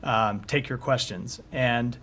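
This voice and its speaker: Hoarse man at a briefing podium. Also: mid-range voice, fairly bright tone. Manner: measured, frequent fillers, hoarse throat-clearing. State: hoarse, coughing. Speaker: government spokesperson. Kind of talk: press briefing answers. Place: briefing room.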